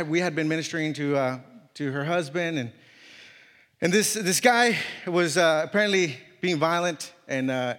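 A man in his thirties preaching a sermon as a guest speaker, telling a personal story earnestly, with many halting restarts. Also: on the high side, fairly bright tone, in a large hall.

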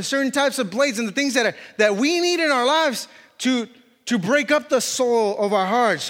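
A man preaching a sermon as a pastor, animated and conversational, full of fillers and restarts. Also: very high-pitched. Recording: reverberant hall.

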